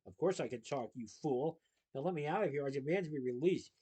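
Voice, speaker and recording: A man's voice: on the high side, animated, brisk, warm tone, breathy edge. A man voicing a tiny, pompous male Oompa Loompa who scolds haughtily in a storybook reading. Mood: indignant.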